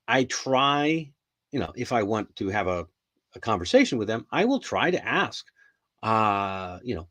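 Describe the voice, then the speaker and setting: A middle-aged man runs a casual live English lesson, with a voice of ordinary middle pitch. He talks in a loose, rambling way, full of ums, repeated words and restarts. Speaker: English teacher hosting a live stream.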